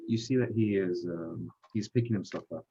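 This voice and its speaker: A man narrating as game master of a tabletop game, halting, with frequent pauses and fillers. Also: sits low, mellow, husky. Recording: dull lo-fi recording.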